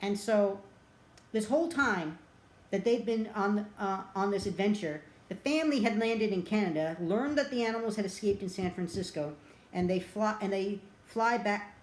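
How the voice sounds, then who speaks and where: A woman's voice: mid-range voice, moderate pace. A woman casually retelling a movie plot as a reviewer, rambling and chatty with plenty of filler words. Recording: roomy echo.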